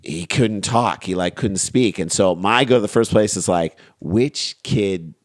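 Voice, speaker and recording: Male podcast co-host, low register, dry close mic, sincere storyteller. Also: moderate pace, no room sound. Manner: earnest, emotional storytelling. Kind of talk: casual chat.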